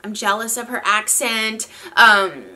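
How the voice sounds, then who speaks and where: A woman from the northern United States chatting casually as a beauty vlogger, rambly and quick to laugh. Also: a little high, steady tone, sharp tone. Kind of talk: casual chat.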